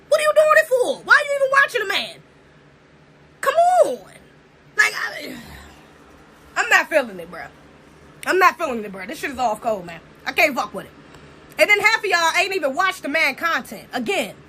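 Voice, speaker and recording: A young woman from the United States delivers an opinion rant to camera, her voice pitched very high and swinging widely up and down. She fires off profane, emphatic rhetorical questions in a bright, cutting tone. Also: a little hiss or hum. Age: young adult.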